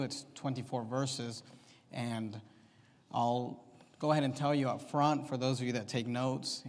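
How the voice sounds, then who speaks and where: A man's voice: mid-range voice, big-room sound. A man, a pastor, preaching a Wednesday night sermon and reading scripture with emphasis. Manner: builds from calm outline to emphatic scripture reading.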